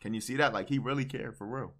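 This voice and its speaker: A young man hosting a casual livestream chat, animated and teasing, cutting in with quick repeated words. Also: medium pitch. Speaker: streamer host.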